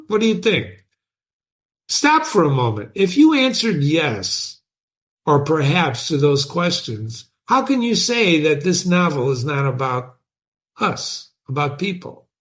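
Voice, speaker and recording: Man, literature teacher, fairly high voice, swoops a lot, keeps asking "right?". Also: takes it slowly. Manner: animated, asks many rhetorical questions and tags "right?". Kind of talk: explanatory book lesson to viewers.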